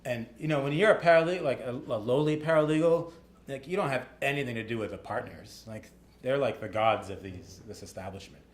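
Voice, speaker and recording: A man's voice: mid-range voice, fairly quick. A man, an author, telling a story in a casual, chatty way, full of fillers and tag questions. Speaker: author speaking at a talk. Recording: echoey room with faint ambience.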